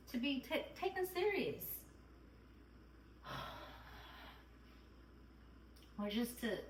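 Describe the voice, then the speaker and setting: In a heartfelt, candid chat, this mom vlogger speaks in a fairly high, slightly bright voice with a little hiss or hum in the audio. She's earnest and repeats phrases, sometimes nearly crying, and the home recording sounds roomy and distant.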